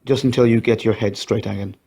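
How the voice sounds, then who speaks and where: A man's voice: lowish voice, fast, husky. Mark: a man playing a stern controlling husband. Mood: firm. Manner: firm, flat and decisive.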